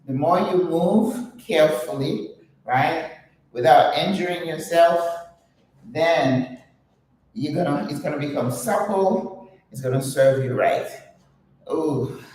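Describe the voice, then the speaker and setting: An older woman hosting a casual vlog while exercising, chatting and laughing often, with breathy exertion sounds. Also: sits low, takes it slowly, long pauses, darkish tone, very echoey, distant mic, slight background noise, poor audio. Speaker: channel host.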